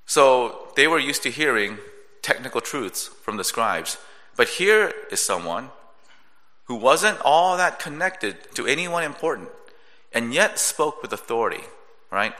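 A male pastor preaching a sermon in a measured teaching tone, often checking in with a rhetorical "right?". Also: mid-range voice, big pitch swings, sharp tone. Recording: long reverb of a large hall.

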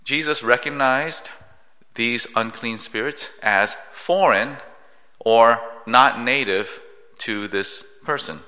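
A male pastor preaching a sermon in a measured teaching tone, often checking in with a rhetorical "right?". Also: mid-range voice, bright, forceful tone. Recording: long reverb of a large hall.

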